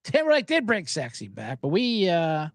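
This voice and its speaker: A man's voice: sits high, huge pitch swings, normal speed, no echo, clean studio sound. A man hosting a sports betting show, talking in a loose, joking, profane ramble full of asides. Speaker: sports betting podcast host. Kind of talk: casual rambling commentary.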